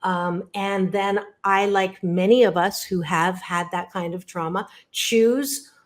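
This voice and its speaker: A woman in an interview, speaking in an emphatic, motivational way. She repeats phrases for effect and addresses the listener directly, at a middling pitch. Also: fairly even intonation, slow. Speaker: guest, organizational psychologist. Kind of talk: podcast interview, motivational talk.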